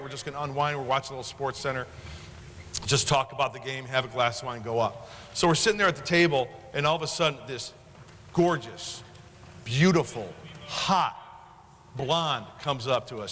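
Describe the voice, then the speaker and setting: A man's voice: a little high, pushed and bright. A man emceeing a banquet, telling a boisterous, joking story to the crowd. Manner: joking, boisterous anecdote teller. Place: large indoor banquet hall. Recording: echoey banquet hall with background noise.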